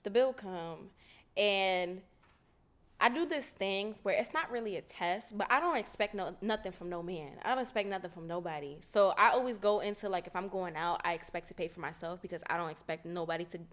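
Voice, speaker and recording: A woman hosting her own podcast, telling stories in a casual, slangy, animated way and laughing often. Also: medium pitch, fairly quick. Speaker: podcast host. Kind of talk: casual storytelling chat.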